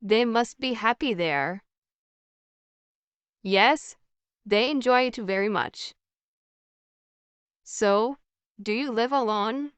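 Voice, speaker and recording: A woman reading a scripted practice conversation in a slow, evenly paced, carefully articulated way. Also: fairly high pitch, fairly bright tone, smooth, no room sound. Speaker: English practice dialogue voice.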